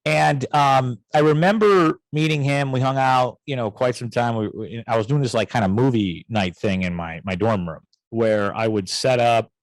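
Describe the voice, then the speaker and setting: A man from the suburbs, spinning a loose, profane podcast story packed with "you know" asides. His voice sits at an ordinary middle pitch. The sound is dry and close, with no room around it. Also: moderate pace, hardly any pauses, dry recording, rough recording. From south suburbs of Chicago, USA. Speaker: podcast host. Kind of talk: casual storytelling rant.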